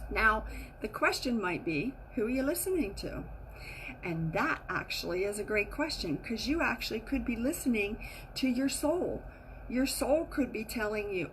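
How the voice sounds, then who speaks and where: A woman giving a casual teaching talk as a spiritual teacher, animated and acting out the inner voices she quotes. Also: fairly high pitch, unhurried, slight background noise, low-quality recording.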